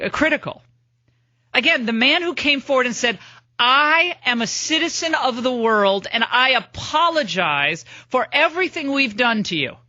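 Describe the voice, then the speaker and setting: A middle-aged woman hosts political talk radio in a sarcastic, mocking monologue. Her voice is high, bright and swings widely in pitch. The studio sound is dry, and the broadcast audio is a little dull. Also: no room sound. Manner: sarcastic, mocking, rapid-fire listing. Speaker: radio talk show host.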